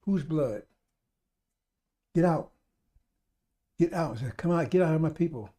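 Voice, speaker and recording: A man delivers a live-streamed radio sermon, speaking to his listeners as brothers and sisters. His voice sits a touch high but stays dark and warm. He hammers each point over and over in an emphatic, insistent preaching manner. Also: animated, a little slow.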